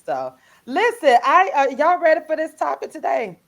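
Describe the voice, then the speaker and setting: A woman hosting a casual radio talk show, lively and chatty, greeting listeners by name. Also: high voice, normal speed. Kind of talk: casual group chat on radio. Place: radio studio.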